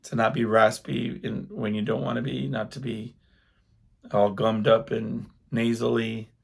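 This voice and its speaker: A man's voice: medium pitch, flat delivery, measured pace, gravelly, breathy edge. A man hosting his own podcast, a working singer and guitarist, telling stories in a rambling, chatty monologue. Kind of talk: casual solo podcast monologue.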